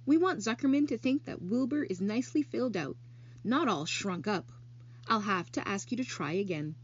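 A woman voicing a wise, kind female spider who talks in a gentle, coaxing, lively way. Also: medium pitch, normal speed, lo-fi sound, a little hiss or hum, lightly acted. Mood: thoughtful.

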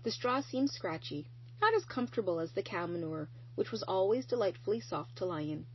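A woman narrating a children's novel aloud in an expressive storytelling manner. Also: mid-range voice, brisk, muffled recording, a little hiss or hum.

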